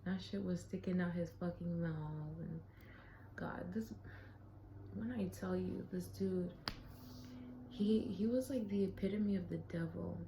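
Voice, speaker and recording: A woman's voice: lowish voice, unhurried, pauses often, noisy background. A young woman vlogger telling a personal story in a candid, profane, casual way, sometimes dropping to a whisper.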